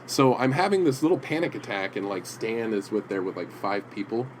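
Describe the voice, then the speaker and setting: A man's voice: lowish voice, a little hiss or hum, rough recording. Rambling man telling comic-shop stories. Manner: rambling, halting storyteller. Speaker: podcast co-host. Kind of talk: casual chat. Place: indoor room with comic prints.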